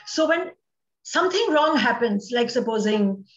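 An Indian English woman delivers a motivational talk as a guest speaker, with a high, ringing voice. She speaks with dramatic emphasis and slips Hindi phrases into her English. The audio is roomy and echoey, with a muffled, lo-fi quality. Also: lively intonation, normal speed.

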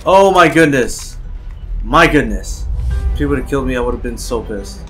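A young man giving excited gameplay commentary as a video host, chattering nervously and shouting when he wins. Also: medium pitch, fairly quick, soft background music.

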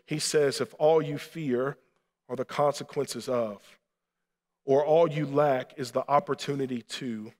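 A male pastor delivers a sermon at a mid-range pitch, his voice carrying a long reverb through a church hall. He talks earnestly and pleads more strongly as he goes on. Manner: earnest preaching, rising to impassioned appeals. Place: church sanctuary.

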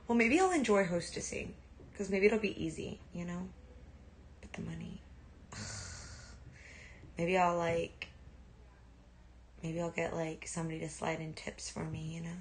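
A woman's voice: fairly low pitch, creaky, a little hiss or hum. A young woman casually chatting on a livestream, reading and answering viewer comments and swearing now and then. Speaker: livestream host.

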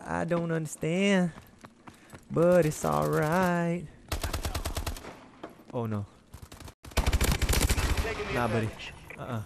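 A man's voice: on the high side, drawn-out words, creaky, pauses often, noisy background. A man giving casual gameplay commentary, playfully taunting and trash-talking his opponents. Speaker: gaming channel host. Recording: loud game gunfire behind voice.

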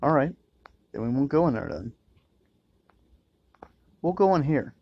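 A man's voice: medium pitch, big pitch swings, measured pace, creaky, husky, highs cut off. A man doing crude, joking commentary while playing a horror game, muttering and swearing to himself. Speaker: let's-play gamer.

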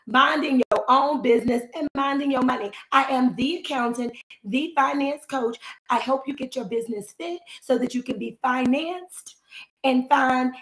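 Slightly hoarse, chatty woman livestreaming. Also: sits high, roomy sound, low-quality recording. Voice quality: slightly hoarse, losing her voice. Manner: chatty, animated, talks straight to viewers. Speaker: finance coach. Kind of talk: casual live stream chat. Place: at home, cutting flowers. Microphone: phone livestream.

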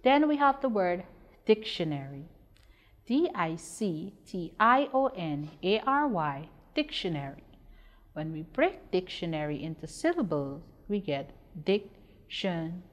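A woman teacher giving a broadcast lesson to children, speaking slowly and spelling words out letter by letter. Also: fairly low pitch, very animated. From Guyana. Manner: slow, deliberate, spells words letter by letter and drills syllables. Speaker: primary school teacher. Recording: long reverb.

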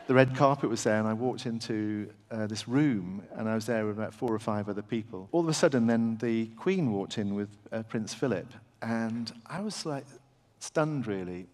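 A middle-aged English surgeon telling a halting, self-deprecating story on a festival stage, full of fillers and restarts. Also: male voice, lowish voice, a little mellow. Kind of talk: live anecdote at a festival talk. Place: large festival venue with audience. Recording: long hall reverb from a big venue.

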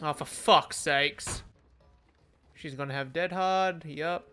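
A young man giving excitable, profanity-laced live commentary on his gameplay. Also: fairly high pitch, slow, long pauses, clear, resonant tone, soft background music. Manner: excitable, swearing, laughing often. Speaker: gaming streamer.

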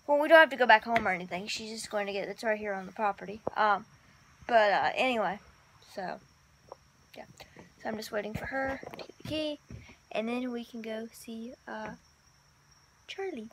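A woman's voice: a little high, moderate pace, pauses often, a little hiss or hum, rough recording. A woman vlogging in a casual, rambling way, often correcting herself and giggling. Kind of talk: casual vlog chat.

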